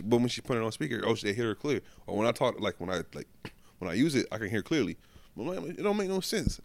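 A man from Florida co-hosting a casual podcast, telling profane stories with animated quoted asides. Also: mid-range voice, creaky, no room sound. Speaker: podcast co-host. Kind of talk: casual chat.

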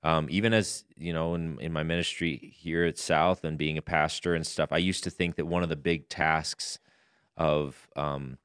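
A man's voice: extremely low pitch, steady tone, normal speed, fairly bright tone, smooth, no room sound, clean studio sound. A man who is a pastor hosting a podcast, earnestly telling a personal story in casual conversation.

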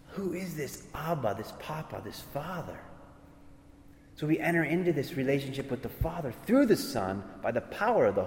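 A man's voice: medium pitch, darkish tone. A man preaching a sermon in an earnest way, often repeating words and acting out what others might say. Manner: earnest, repeats words, voices imagined speakers. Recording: echoey hall with long reverb.

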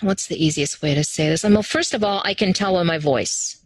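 Speaking fairly quickly in a fairly low, slightly rough voice, a woman interview guest who teaches human design animates her stories by acting out quoted voices. The conversation is casual, and the recording is rough.

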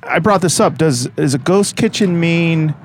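A man's voice: fairly high pitch, animated, a little slow, a little hiss or hum. A man hosting a casual food review podcast, upbeat and playful, chatting at a restaurant. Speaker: podcast host. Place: local restaurant.

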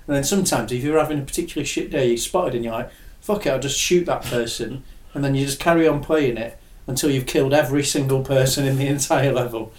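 A man's voice: medium pitch, fast, hardly any pauses, a little mellow. A young adult man, chatting casually and enthusiastically, swearing now and then. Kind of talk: casual chat. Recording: echoey room.

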